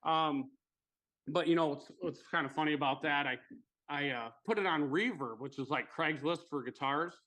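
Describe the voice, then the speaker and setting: A man with a bright, somewhat high voice tells a rambling story in casual chat. He is animated and lively, and he swears freely. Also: moderate pace.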